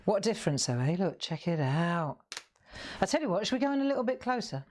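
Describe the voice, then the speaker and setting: A woman's voice: mid-range voice, sing-song, fast talker, darkish tone, a little hiss or hum. A middle-aged woman hosting a live colouring demonstration, chatty and encouraging as she talks straight to viewers. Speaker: craft show host.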